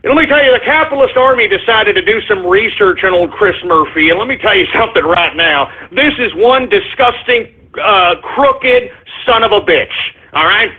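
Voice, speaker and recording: A man's voice: high voice, animated, normal speed, hardly any pauses, slightly rough. A man hosting a talk radio show, delivering an angry, profane political rant. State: furious. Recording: tinny phone-like lo-fi radio audio.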